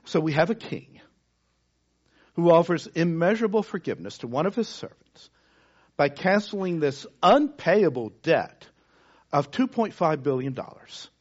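Male preacher, husky tone, animated pitch, dull lo-fi recording; sermon with dramatic hushed drops. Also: normal speed. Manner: dramatic shifts from loud emphasis to hushed near-whisper. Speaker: pastor. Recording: dull lo-fi sound.

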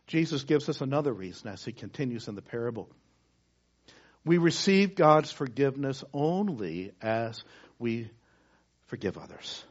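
A male pastor preaching a sermon, swinging from loud emphasis down to hushed, near-whispered words. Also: medium pitch, big pitch swings, normal speed. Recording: dull lo-fi sound.

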